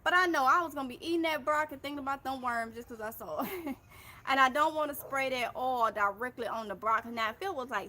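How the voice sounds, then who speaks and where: Gardening livestream host, woman in her 30s, Mississippi drawl, high and bright, chatty, talks to y'all. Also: a little hiss or hum. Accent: Mississippi Southern US. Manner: chatty and effusive, addresses viewers as y'all. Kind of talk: casual livestream chat, reading viewer comments aloud.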